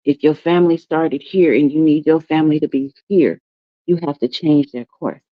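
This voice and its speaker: A woman's voice: deep voice, dry recording. Chatty woman with a slightly muffled voice. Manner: chatty, emphatic, drawn-out stresses, calls listeners "y'all" and "baby". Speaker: host. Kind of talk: casual morning chat to viewers. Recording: dry, slightly dull sound.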